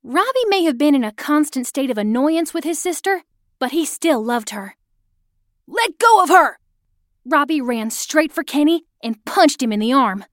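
A woman narrating a first-person audio story, expressive, acting out the shouted lines. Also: high-pitched, no echo, clean studio sound.

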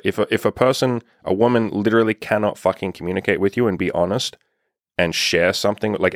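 A man's voice: sits low, dry recording, clean studio sound. A man giving dating advice as a coach in a casual, blunt monologue, swearing freely and leaning on "like" as a filler. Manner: blunt, profane, lots of "like" fillers.

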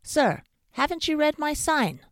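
A woman puts on a brave little mouse dentist, fussy and proper. His voice sits higher than the reader's own and comes out clipped and firm. The storybook recording is close and dry. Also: very animated, normal speed, darkish tone, dry recording. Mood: alarmed.

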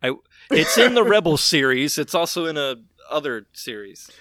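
A man on a casual podcast panel, eagerly explaining things in quick bursts. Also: on the high side, very animated, a bit bright, no echo.

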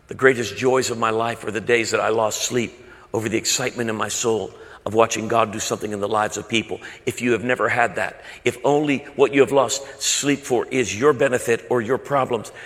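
A man's voice: mid-range voice, fairly bright tone, in a large hall. A man preaching a sermon, telling stories with rising passion. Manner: storytelling, impassioned. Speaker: pastor.

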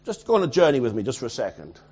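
A man preaching a sermon as a pastor, swinging from loud urgent lines to quiet near-mutters. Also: medium pitch, wildly swooping pitch, racing, husky, muffled recording.

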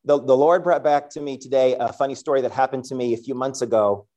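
Animated man telling a sermon story. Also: medium pitch, fast, lo-fi sound. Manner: self-deprecating, animated storyteller. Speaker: school principal giving a devotional talk.

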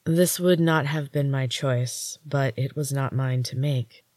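A woman reading aloud, voicing a stony, resigned young woman who speaks slowly and quietly. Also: a bass voice, dry recording. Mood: somber. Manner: slow, quiet, somber.

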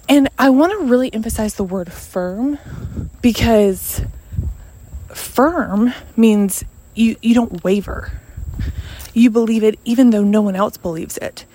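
A woman's voice: on the high side, warm tone. Earnest, emphatic woman hosting a podcast. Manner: earnest, emphatic, conversational with frequent "like" and "you know". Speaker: podcast host and sales coach. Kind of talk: casual podcast monologue.

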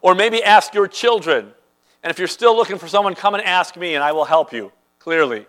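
High-voiced man preaching a sermon. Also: lively intonation, a little fast, a bit bright, rough recording. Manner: earnest, conversational storytelling. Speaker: pastor.

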